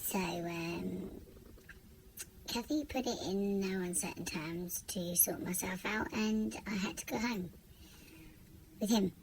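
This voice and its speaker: Halting woman telling her story. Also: medium pitch, a little mellow, slight background noise. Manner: halting, repeats words, raw and unscripted. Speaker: vlogger. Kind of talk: personal storytelling vlog.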